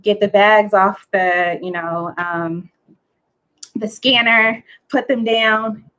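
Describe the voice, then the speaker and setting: Chatty, excitable woman. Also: medium pitch, takes it slowly, rough recording. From United States. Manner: excitable, chatty, many fillers. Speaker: guest. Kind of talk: casual storytelling.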